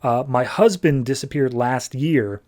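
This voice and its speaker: A distraught mother, put on by a man, spilling out words in a quick, anxious ramble. She sounds worried and defensive. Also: mid-range voice, a little mellow, close to an everyday voice. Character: distraught middle-aged mother.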